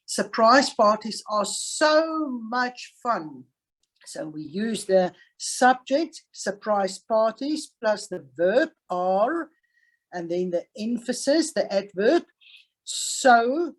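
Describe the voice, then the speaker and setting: A woman's voice: mid-range voice, slightly rough, poor audio. A woman English teacher giving an online grammar lesson on a video call, patient and stressing each example sentence. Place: online class.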